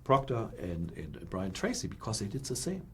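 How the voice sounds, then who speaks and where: A middle-aged man from Germany with a German accent, a guest in an interview, telling his story with animated, acted-out quotes. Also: on the low side, moderate pace, breathy edge.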